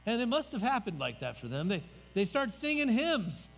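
A man's voice: high-pitched, big pitch swings, moderate pace, vocal fry, a bit bright. A man pastor preaching a sermon in a church sanctuary, conversational and emphatic, letting his voice drop at the ends of phrases. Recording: reverberant hall, faint music.

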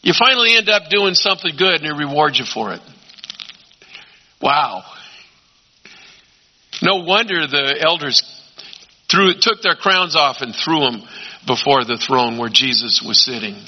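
A man preaching a sermon as pastor, emphatic, swinging between loud urging and quiet asides. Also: on the high side, lively intonation, measured pace, long pauses. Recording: dull lo-fi sound.

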